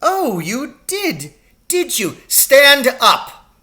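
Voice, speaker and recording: A man reading aloud, voicing a bullying strict male schoolteacher who barks and shouts. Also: on the high side, sing-song, slow pace, pitched above the performer's own voice, full character voice. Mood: barking angry. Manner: barking, menacing.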